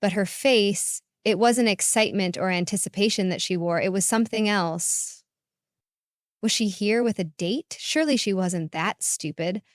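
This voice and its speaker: A woman narrating a first-person story in a calm, reflective way. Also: medium pitch, moderate pace, no echo, clean studio sound.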